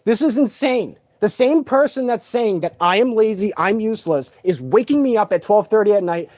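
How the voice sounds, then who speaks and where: A man's voice: extremely high pitch, a little mellow. A sleep-deprived man in an agitated, profane rant, speaking in a room of a shared home late at night. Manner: agitated, profane, repetitive ranting.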